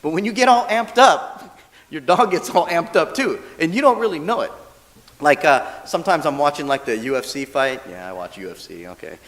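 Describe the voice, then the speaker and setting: A male minister with a somewhat high voice speaks at a normal speed, delivering a casual, humorous dharma talk in a church hall. He is animated, acts out the voices of people he quotes, and keeps checking in with the audience by asking "right?". The recording carries a long hall reverb.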